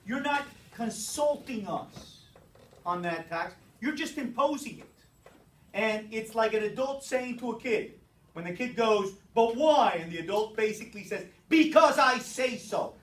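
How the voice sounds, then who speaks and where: A teacher giving a brisk classroom lecture, explaining step by step and checking in with the students. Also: medium pitch, expressive, fairly bright tone. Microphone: distant room mic. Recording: echoey classroom from far off.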